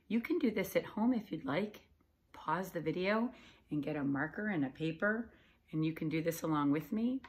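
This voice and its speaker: A woman teacher giving a video lesson to young children in a sing-song, animated way. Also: lowish voice, a little slow, pauses often, husky.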